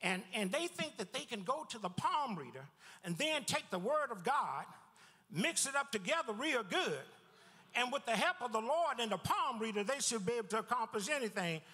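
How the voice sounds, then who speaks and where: High-voiced preaching man in a reverberant church. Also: moderate pace, husky. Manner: lively preaching with repeated words and sudden drops in pitch. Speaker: pastor. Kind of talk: sermon. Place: church sanctuary.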